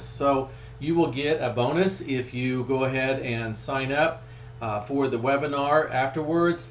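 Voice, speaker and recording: A middle-aged man presenting a weight loss program in a webinar, with an upbeat, emphatic sales manner. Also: medium pitch. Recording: echoey room with faint hum.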